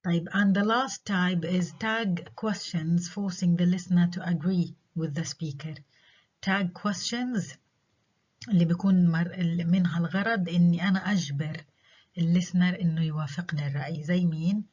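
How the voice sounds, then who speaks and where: A woman with an Arabic accent teaches phonetics in a recorded university lecture, her voice a little low and husky. She draws out English example sentences carefully, then hurries through her explanations, often checking in with "okay?". The recording sounds muffled and lo-fi. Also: fairly even intonation, fast talker, darkish tone. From Arab world.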